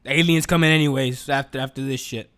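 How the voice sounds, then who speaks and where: A man's voice: medium pitch, quick pace, clear, resonant tone. A young man hosting a podcast, talking in a casual, joking monologue full of slang and swearing. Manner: animated, joking, slangy and profane. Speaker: podcast host.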